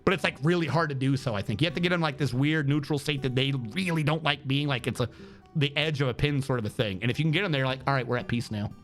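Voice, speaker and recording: Rambling excitable male streamer. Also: a little high, fast, soft background music. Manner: rambling, excitable, lots of fillers. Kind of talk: casual gameplay commentary.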